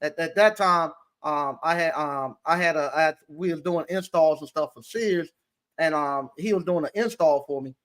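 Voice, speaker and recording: A man, an appliance repair business owner, telling stories in a casual interview with a halting, rambling delivery full of restarts. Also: fairly high pitch, a bit bright.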